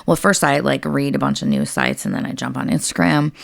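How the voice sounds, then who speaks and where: A woman's voice: rumbling low, very animated, fairly quick, gravelly, dry recording, studio quality. A woman co-hosting a casual podcast chat, talking bluntly and venting with a lot of swearing. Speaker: podcast co-host.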